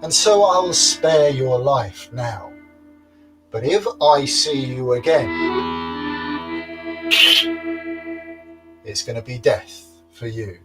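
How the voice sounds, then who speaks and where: Man voicing a huge storybook giant: slow, sly and threatening, mid-pitched. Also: animated, music in the background. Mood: menacing. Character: huge, menacing male giant.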